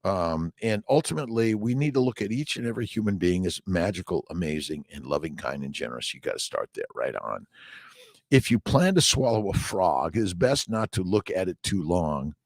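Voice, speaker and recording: A man's voice: low-pitched, animated, fairly quick, no echo, studio quality. A middle-aged man from Southern California, a doctor chatting casually on a morning livestream, answering viewer comments in a rambling, upbeat, motivational way.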